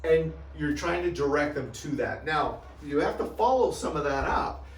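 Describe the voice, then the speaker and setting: A man's voice: on the high side, lively intonation, moderate pace, roomy sound, distant mic, a little hiss or hum. A man coaching health practitioners on what to say to patients. He talks emphatically and keeps checking in with "right?" and "okay?". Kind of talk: coaching talk.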